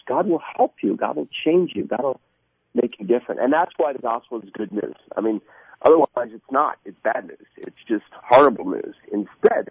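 A man speaking as a guest in a radio interview, earnest and halting, often restarting his sentences. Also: lowish voice, husky, no room sound. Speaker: guest from an evangelistic ministry. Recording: tinny phone line.

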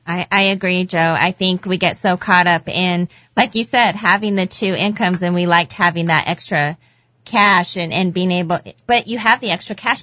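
Female co-host on faith radio, reflective and instructive, lower voice, dry muffled studio. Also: fairly bright tone, dry recording. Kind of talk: faith-based call-in talk.

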